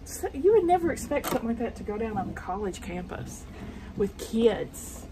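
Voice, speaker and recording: A woman's voice: fairly high pitch, big pitch swings, moderate pace, background noise. Chatty Southern woman sewing vlogger. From Arkansas. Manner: chatty, meandering, soft-spoken asides. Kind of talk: casual storytelling while sewing. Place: home sewing room.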